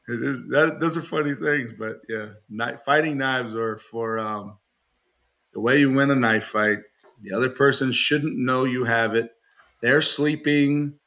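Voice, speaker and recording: A man with a bright, forceful voice, chatting casually on a podcast. He tells long joking stories, laughs often, and lifts his voice to act out the people he quotes. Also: mid-range voice, unhurried. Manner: acts out quoted people in raised voice. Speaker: knifemaker guest.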